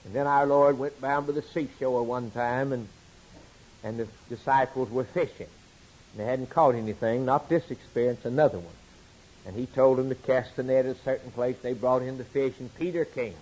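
A man preaching a sermon, swinging from loud emphatic declarations to quiet asides. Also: medium pitch, husky, rough recording.

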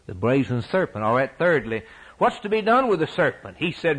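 A man preaching a sermon at a church service, impassioned, swinging from loud high peaks down to low, quiet lines. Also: sing-song, normal speed, breathy edge, low-quality recording.

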